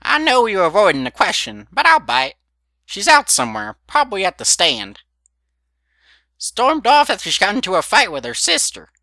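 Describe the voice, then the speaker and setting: A man's voice: high voice, huge pitch swings, moderate pace, creaky, pushed and bright, dry recording, studio quality, voice pushed up, heavily acted. A man voicing a nosy, feisty elderly female pony with a teasing folksy drawl.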